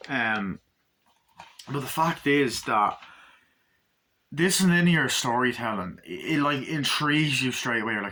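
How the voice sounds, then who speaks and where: A man giving a casual movie review, excited, swearing a lot and acting out scenes as he goes. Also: medium pitch, measured pace, long pauses. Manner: excited, profane, acts out scenes.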